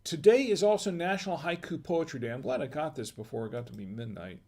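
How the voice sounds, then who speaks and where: A man's voice: a little high, fast, dark tone. A man hosting a wine-tasting livestream, chatting casually, reading viewers' messages aloud and asking them questions. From United States. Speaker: wine review livestream host.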